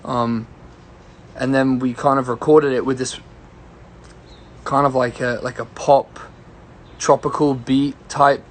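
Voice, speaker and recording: A man's voice: mid-range voice, little pitch movement, slow pace, long pauses, a little hiss or hum. A young man, a singer-songwriter, chatting casually on a phone livestream as he answers viewers' questions in a rambling, easygoing way. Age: young adult.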